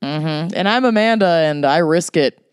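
A woman's voice: low-pitched, lively intonation, moderate pace, noisy background. A young woman, co-hosting a podcast in chatty, dramatic casual conversation and laughing easily. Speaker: podcast co-host. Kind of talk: casual chat.

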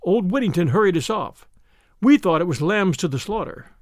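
A man voicing a quick-witted young woman who talks in a brisk, suspicious way. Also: sits high, animated, no room sound, studio quality. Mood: lively. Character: quick-witted young Englishwoman, sharp and lively.

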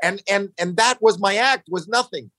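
A man in his sixties telling stories casually on a podcast, animated, jumping into acted-out quotes, swearing freely, often restarting his sentences. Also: moderate pace, no room sound, rough recording. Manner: animated, acts out quotes with jumps in pitch. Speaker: podcast guest. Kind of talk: casual storytelling chat.

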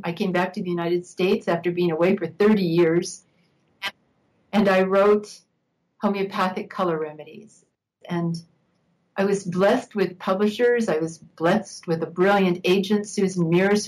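An older woman, an interview guest, telling a personal story in a reflective, unhurried way, laughing now and then. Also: medium pitch, darkish tone, low-quality recording.

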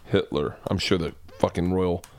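Ranting about celebrity news on his casual comedy podcast, a man with a low, slightly mellow voice swears heavily. He rambles, tossing in quick asides.

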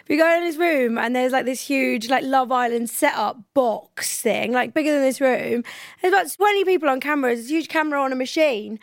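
A woman's voice: high-pitched, animated, a little fast, creaky, no room sound, clean studio sound. Chatty young woman with London accent. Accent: London English. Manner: chatty, self-mocking, swears casually. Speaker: podcast guest. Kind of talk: casual chat.

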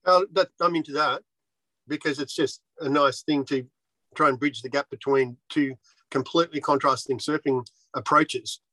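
A man's voice: fairly high pitch, fairly even intonation, normal speed, bright, forceful tone, no room sound, low-quality recording. A man who designs surfboards, talking bluntly and swearing freely in a casual interview. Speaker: surfboard shaper.

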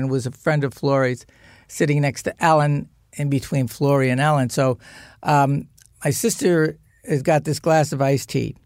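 Animated male storyteller, slightly high voice. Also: no echo, studio quality. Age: 60s. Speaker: guest actor. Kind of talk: storytelling in a podcast interview.

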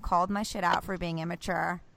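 A woman in her thirties, a mother and podcast co-host, chatting casually and telling animated stories with plenty of swearing. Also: fairly low pitch, a little fast, vocal fry, slight background noise. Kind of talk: casual chat.

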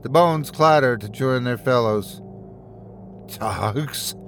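A man narrating a first-person horror story in a measured, steady storytelling voice. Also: mid-range voice, faint music behind.

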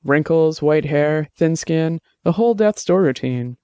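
Wry tired detective guy reading, casual, smooth voice. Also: a little high, animated, a little slow, a little mellow, no room sound, clean studio sound. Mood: rueful.

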